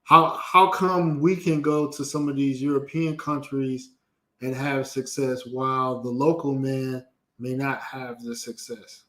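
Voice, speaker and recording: A man from the United States hosting a podcast, asking easygoing, halting questions in a casual interview. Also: medium pitch, fairly even intonation, a bit bright. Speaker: podcast host.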